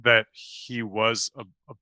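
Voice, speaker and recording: A man at a retreat puts a careful question to the teacher, hesitating and pausing as he goes. His voice is sharp and bright, and the sound is dry and close. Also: medium pitch, little pitch movement, smooth, no echo. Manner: hesitant and polite, with pauses and fillers. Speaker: retreat participant asking a question.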